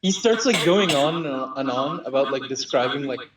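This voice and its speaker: A man's voice: on the high side, lively intonation, far from the mic, background noise. Laughing man telling a story, echoey room. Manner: halting, many fillers, laughs often. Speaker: role-play partner. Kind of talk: casual collaborative storytelling.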